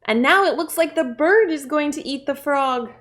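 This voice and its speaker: A woman children's librarian reading a picture book aloud to kids, playful and bursting into loud exclamations. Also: high-pitched, expressive, normal speed. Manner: playful, with big shouted exclamations.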